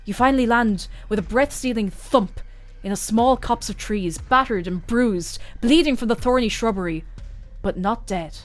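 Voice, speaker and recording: A young woman streamer reading a story game's narration aloud in an expressive, animated way. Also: a little high, normal speed, faint music behind.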